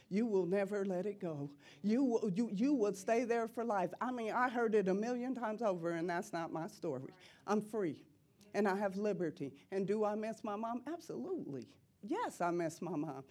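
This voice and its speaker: In church, a middle-aged woman with a mid-range voice delivers an impassioned preaching testimony. She repeats phrases and rises to loud cries.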